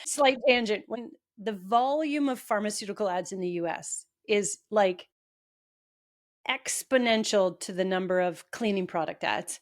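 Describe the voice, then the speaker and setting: A woman's voice: medium pitch, a little slow. A woman in her forties co-hosting a podcast, chatting casually with teasing quips. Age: 40s. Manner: playful, teasing quips with laughs. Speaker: podcast co-host. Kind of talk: casual chat.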